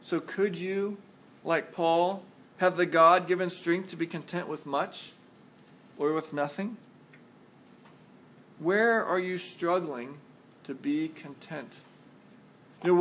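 High-voiced man preaching a sermon. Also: fairly bright tone, slight background noise. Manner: earnest preaching, acts out imagined voices. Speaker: pastor.

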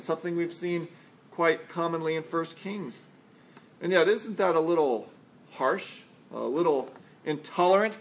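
A man's voice: sits high, low-quality recording. A man preaching a sermon in church as pastor, earnest, with rhetorical questions and quoted voices acted out.

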